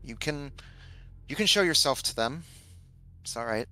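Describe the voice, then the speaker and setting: A man voicing a gentle, earnest female warlock who speaks hesitantly and reassuringly. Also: mid-range voice, lively intonation, normal speed, pitched above the performer's own voice.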